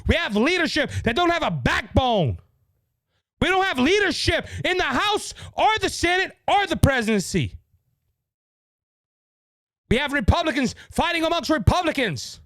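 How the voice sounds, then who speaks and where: A man's voice: very high voice, big pitch swings, normal speed, pauses often, no room sound. A man with a Louisiana Cajun accent hosting his podcast, ranting in heated, angry political commentary. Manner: heated, yelling, repetitive. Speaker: podcast host.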